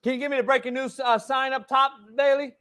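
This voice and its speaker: Brash high-voiced man ranting. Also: level tone, quick pace. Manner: brash, loud, mocking, swears constantly. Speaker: sports show host. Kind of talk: profane casual rant.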